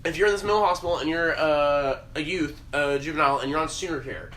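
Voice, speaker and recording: Young man, podcast host, quick profane storytelling, roomy echo, faint hiss. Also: a little high, a bit bright. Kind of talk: casual storytelling. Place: podcast room.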